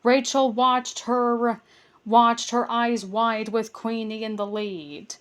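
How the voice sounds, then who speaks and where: A woman reading a children's book aloud, careful and steady, with small stumbles and restarts. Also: a little high, slow, clear, resonant tone. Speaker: storybook reader.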